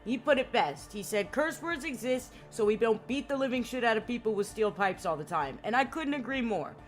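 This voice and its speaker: With faint game music playing behind her, a young woman from the United States chats casually while streaming a game, rambling with frequent "like"s and swearing. She speaks briskly and animatedly in a fairly high voice.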